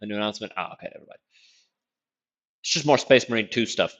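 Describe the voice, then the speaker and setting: A man's voice: lowish voice, fast talker, long pauses, fairly bright tone, lo-fi sound. Man casually streaming a video game. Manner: loose and profane, thinking aloud. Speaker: gaming streamer. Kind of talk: casual gameplay commentary.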